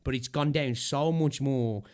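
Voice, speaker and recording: A man's voice: mid-range voice, a little slow, a little mellow, clean tone. A young man ranting casually on a livestream, swearing constantly and rambling with fillers, with a slightly sore throat. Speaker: streamer.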